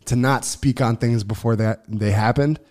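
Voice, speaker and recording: A man telling a long personal story on a casual podcast, swearing freely, restarting sentences and getting loud when excited. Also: medium pitch, moderate pace. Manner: profane, rambling, lots of restarts and fillers; gets loud and excited when reliving events. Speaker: podcast co-host.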